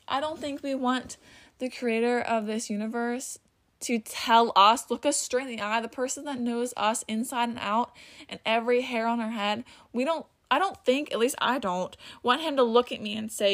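A podcast host with a slightly high, fairly bright voice talks at a normal pace, leading a casual Bible teaching show. She's chatty and loose, says "like" a lot, stutters at times, and sometimes loses her place and starts over.

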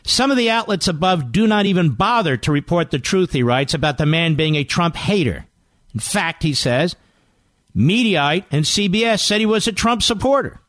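A man's voice: high voice, expressive, normal speed, a bit bright, dry recording. A man hosting a political talk radio show, delivering a combative monologue and reading headlines aloud with rising emphasis into a studio microphone.

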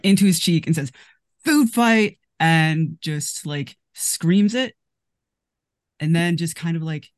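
A tabletop player with a gravelly, fry-laced voice talks in and out of character, rambling and stacking up fillers. The sound is close and dry. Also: medium pitch, a little mellow, no echo. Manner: rambling, full of "like". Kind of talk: playing a tabletop game in character.

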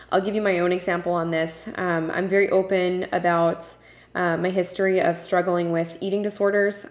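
A woman hosting her own podcast, talking alone in an earnest, passionate way with frequent ums and uhs. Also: fairly low pitch. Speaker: podcast host. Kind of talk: solo podcast talk. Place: home room with a puppy nearby. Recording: roomy echo.

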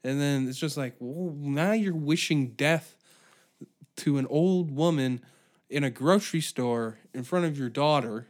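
A man's voice: medium pitch, normal speed. Rambling, profane male podcast host. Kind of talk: comedic monologue.

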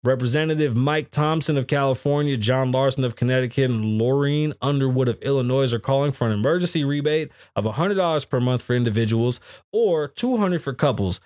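A man hosts a casual talk podcast, reading news stories aloud and stopping to mock them with blunt, profane asides. His voice sits at a middling pitch and is recorded close and dry, with no room sound around it. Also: darkish tone, no echo. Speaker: podcast host.

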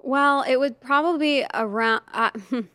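A lively woman talking through her past on a podcast, dropping into little quoted voices as she goes. Her voice sits fairly high. The sound is close and completely dry. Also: moderate pace, no room sound. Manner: animated, lively storyteller who slips into quoted voices. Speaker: podcast guest. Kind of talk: casual storytelling in conversation.

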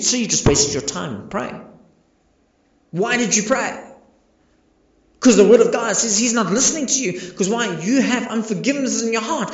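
High-voiced preaching pastor, echoey and lo-fi. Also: male voice, expressive, normal speed. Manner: emphatic preaching with rhetorical questions. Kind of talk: sermon. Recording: echoey, dull lo-fi recording.

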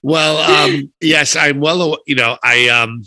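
A man with a New York accent hosting a podcast interview, chatty and animated, with dry humor. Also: on the high side, takes it slowly, no room sound. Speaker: podcast host.

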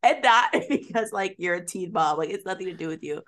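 Low-voiced woman in casual recap chat. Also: animated, fairly quick, a bit bright. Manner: swearing, laughing, filler-heavy. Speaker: podcast co-host.

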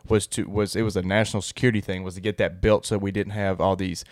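Male podcast co-host, rapid delivery, dry close sound, talks in long explaining sentences. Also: deep voice, little pitch movement, a little mellow, no room sound. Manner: explains at length, builds points in long run-on sentences. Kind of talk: casual chat.

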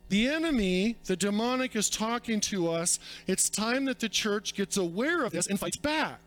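High-voiced pastor preaching emphatically. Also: male voice, fairly bright tone. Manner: emphatic and repetitive, addresses listeners as friends. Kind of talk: sermon.

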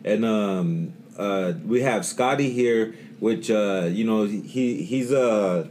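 Rambling, low-voiced male co-host. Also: slow pace, darkish tone, slight background noise. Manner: rambling, many fillers and restarts. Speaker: podcast co-host. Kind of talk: casual podcast chat.

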